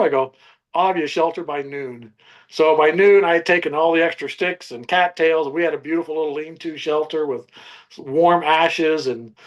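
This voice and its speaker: A man's voice: fairly high pitch, low-quality recording. An older man, a survivalist guest, telling his story in an interview and acting out what he and others said. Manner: animated storyteller, acts out his own quotes.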